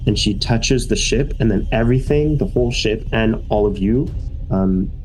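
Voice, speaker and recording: A man's voice: on the low side, moderate pace, darkish tone, faint music behind, low-quality recording. A man narrating a tabletop game as game master, telling the story with energy and many fillers.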